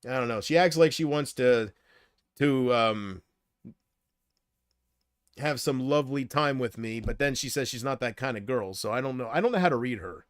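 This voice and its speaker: A man's voice: mid-range voice, normal speed, long pauses, clear, resonant tone, dry recording, clean studio sound. A man on a casual livestream, rambling and unsure, drifting between thoughts while he answers viewer comments. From United States.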